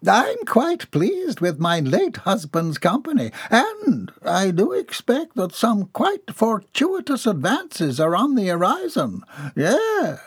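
A man's voice: sits high, wildly swooping pitch, slow pace, husky, no room sound, pitched above the performer's own voice, full character voice. A man voicing a self-assured, knowing widowed matriarch. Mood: smug.

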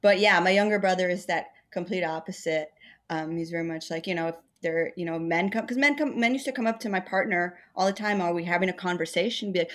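A woman with a fairly low voice chats casually as a comedian. She rambles through stories, fills them with "like" and slips into little impressions of the people she quotes. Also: quick pace. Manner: rambling storytelling, acts out quoted voices, many "like" fillers. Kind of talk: casual podcast conversation.

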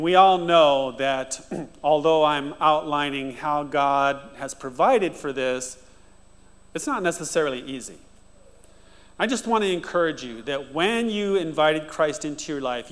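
A male pastor giving an encouraging sermon, then leading a prayer. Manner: warm encouraging preaching, rising to animated high-pitched mimicry. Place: church sanctuary. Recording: long church reverb with soft guitar. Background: soft guitar music.

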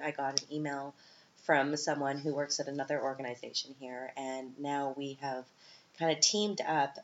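A woman in her thirties talks through a casual solo podcast episode in a quite low voice, chatty and self-mocking with plenty of "uh" and "um". The audio is dull and lo-fi, with a faint hiss underneath. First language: English. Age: 30s. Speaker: podcast host.

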